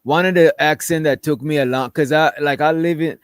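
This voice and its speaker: A man's voice: on the high side, steady tone, fairly quick, clear, resonant tone, dry recording, clean studio sound. A man from Guyana co-hosting a podcast, telling stories in a laid-back, slangy, rambling way. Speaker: podcast co-host. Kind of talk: casual chat.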